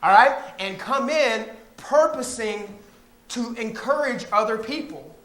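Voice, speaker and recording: A man's voice: very high voice, unhurried, fairly bright tone. A man preaching a conversational sermon as pastor in a church, now and then mocking the voices of complainers. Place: church sanctuary.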